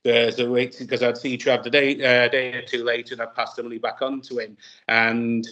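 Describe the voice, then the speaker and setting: A man tells wrestling stories in casual talk, circling back and restarting his sentences while laughing often. His voice sits at an ordinary middle pitch. The audio is dull and lo-fi. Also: level tone, brisk, sharp tone. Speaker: wrestler, interview guest. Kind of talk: casual anecdotal storytelling.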